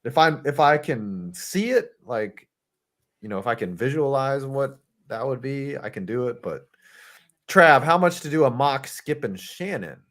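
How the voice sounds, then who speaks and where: Joking man, lively swinging pitch. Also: measured pace. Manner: joking, trades cartoon impressions, laughs often. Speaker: podcast co-host. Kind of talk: casual watch-along chat.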